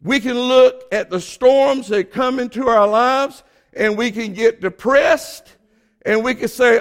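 A Southern-accented man preaching with a notably high voice. His delivery is folksy and fervent. He drags out key phrases and lifts them to ringing peaks. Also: slow. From Southern United States. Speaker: pastor. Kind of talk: sermon.

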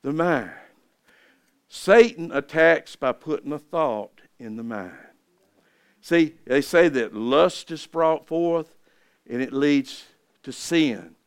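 A middle-aged man preaches in a smooth, fairly high voice, folksy and full of repeated words. His delivery swells loud on key phrases and falls soft at line ends. The sound is close and dry. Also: animated, takes it slowly, no echo. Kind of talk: sermon.

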